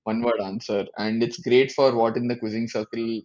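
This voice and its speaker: A man, co-hosting a casual podcast and telling stories in an animated way, swearing casually and laughing often. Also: mid-range voice, brisk, no room sound, muffled recording. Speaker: podcast co-host.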